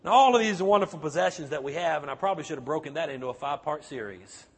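A man's voice: a little high, rapid-fire, breathy edge. A man preaching a sermon, pressing the congregation with emphatic rhetorical questions. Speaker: pastor. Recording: echoey hall, long reverb.

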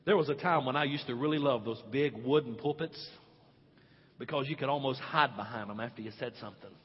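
Husky preaching man in a reverberant hall. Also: mid-range voice, a little fast. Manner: preaching with sweeping swings from quiet to loud, stretching key words. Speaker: pastor. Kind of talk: sermon. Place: church sanctuary. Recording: dull lo-fi audio with long hall reverb.

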